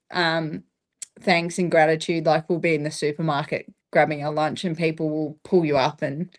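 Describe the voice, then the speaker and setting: Chatty Australian paramedic woman, low voice. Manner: chatty, reflective, laughs often. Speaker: guest, paramedic. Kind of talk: casual podcast interview.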